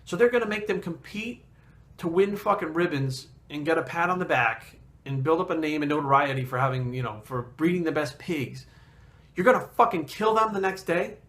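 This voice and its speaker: A man, a fitness trainer, telling a story in a casual vlog, blunt and animated and swearing constantly. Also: a little high.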